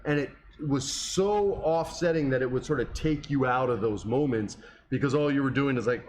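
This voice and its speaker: Slight background noise sits under a man's mid-range, darkish voice as he co-hosts a podcast at normal speed. His casual chat is loose and rambling, with the odd swear word.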